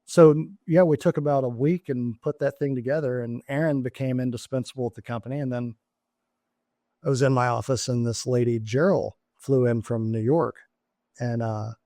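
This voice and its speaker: A man, a former military officer turned business executive, telling lively stories in an interview and acting out the dialogue. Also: medium pitch, no room sound, clean studio sound. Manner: animated storyteller acting out dialogue. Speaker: guest, former Navy SEAL turned company executive. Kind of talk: storytelling in a casual interview.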